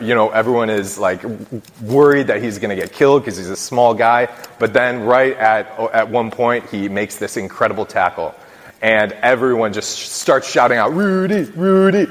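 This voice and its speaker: A man preaching a homily as a priest, talking conversationally with many fillers and restarts. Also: lowish voice. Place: church. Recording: long church reverb.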